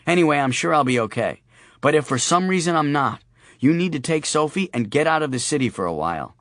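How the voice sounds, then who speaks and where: A man's voice: on the high side, animated, brisk, fairly bright tone, no room sound, voice pushed up. A male narrator voicing a worried young father with wry, earnest humor, recorded dry and close.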